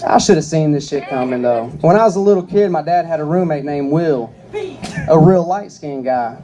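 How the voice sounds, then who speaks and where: Profane stand-up comedian, mellow voice. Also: male voice, a little high, normal speed, some chatter behind. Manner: profane, deadpan, conversational.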